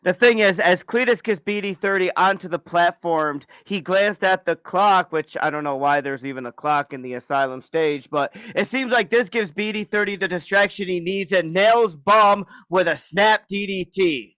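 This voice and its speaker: High-voiced laid-back male commentator. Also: normal speed, hardly any pauses, bright, forceful tone, no echo, lo-fi sound. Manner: laid-back, slangy, joking. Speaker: wrestling commentator and host. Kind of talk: reading wrestling play-by-play, casual banter.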